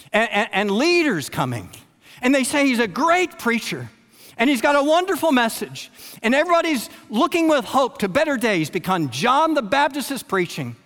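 A man preaching a sermon with dramatic repetition, long pauses, and swings from loud emphasis to a hush. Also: very high-pitched. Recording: long reverb of a large hall.

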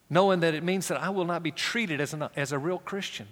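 Man preaching in a reverberant hall. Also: brisk. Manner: swings from raised, animated delivery to low, hushed emphasis; acts out quoted voices in conversational asides. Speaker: pastor. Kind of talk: sermon.

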